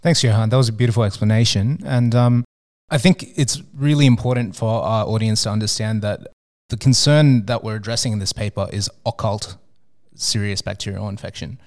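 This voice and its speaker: Male host, low-ish voice, conversational, hesitant fillers. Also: fairly quick, darkish tone. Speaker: journal club host. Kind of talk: hosting a recorded clinical discussion.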